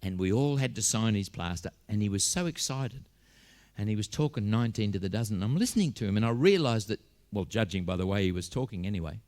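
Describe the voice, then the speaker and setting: Aussie bloke doing stand-up, yarn after yarn, puts on funny voices. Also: male voice, fairly low pitch, a little mellow. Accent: Australian. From Western Australia. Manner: storytelling with put-on voices and accents. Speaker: comedian. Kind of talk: stand-up joke telling.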